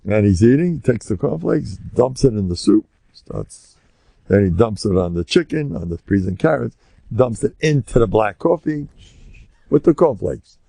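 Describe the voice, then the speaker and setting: Older American rabbi lecturing, gravelly, husky, dry close sound, lively animated storyteller. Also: male voice, lowish voice, normal speed, no room sound. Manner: animated storyteller who acts out scenes. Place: lecture room with listeners.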